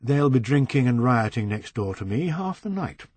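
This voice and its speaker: A man's voice: mid-range voice, sing-song, normal speed, darkish tone, breathy edge, no echo. A man voicing Winston, a cool, precise man who speaks in a dryly sarcastic way.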